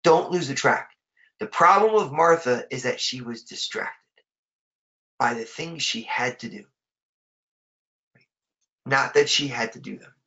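A man's voice: medium pitch, a little slow, long pauses, pushed and bright, dull audio. A man preaching a sermon in a conversational way, often repeating words as he rephrases his thoughts.

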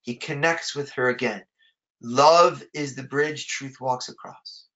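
A man's voice: medium pitch, takes it slowly, fairly bright tone, muffled recording. A man preaching a sermon in a conversational way, often repeating words as he rephrases his thoughts.

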